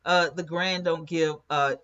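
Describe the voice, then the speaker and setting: A woman's voice: low-pitched, fairly even intonation, measured pace, fairly bright tone. Chatty woman, lo-fi stream audio. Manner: chatty, laughs often, reads viewer comments aloud. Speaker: host of a live commentary stream. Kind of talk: casual live-stream commentary.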